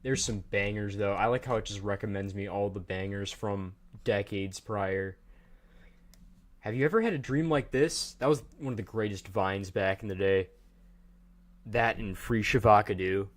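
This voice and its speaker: A man with a fairly low voice hosts a casual livestream. He rambles from thought to thought, cracks jokes and talks directly to his chat. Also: moderate pace. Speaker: livestream host.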